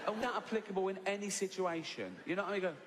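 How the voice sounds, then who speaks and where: Sardonic British comedian mid-set, live in a big reverberant venue with clear crowd ambience. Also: male voice, high-pitched, very fast, noisy background. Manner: sardonic, mocking, building to incredulous outbursts. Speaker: stand-up comedian. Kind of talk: live stand-up routine. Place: large live venue with audience. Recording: live hall recording with audience ambience.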